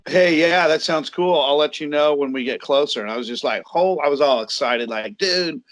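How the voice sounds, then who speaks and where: A man's voice: a little high, brisk, dry recording. A man, a heavy metal singer, being interviewed and telling stories in casual chat, acting out quoted exchanges and swearing freely.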